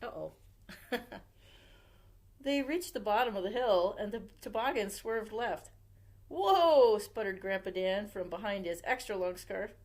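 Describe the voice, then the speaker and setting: A woman, a youth services librarian, reading a picture book aloud at storytime with expressive delivery. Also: mid-range voice, a little slow.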